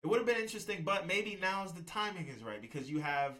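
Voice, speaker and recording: A man hosting a casual podcast chat, talking in a relaxed, rambling way with lots of fillers. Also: high-pitched, fast talker. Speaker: host.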